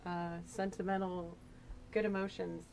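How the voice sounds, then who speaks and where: Woman tarot reader, low-pitched, chatty and emotional, rambling, faint background hiss. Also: little pitch movement, a little slow, creaky, a little mellow, poor audio. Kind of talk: casual tarot reading.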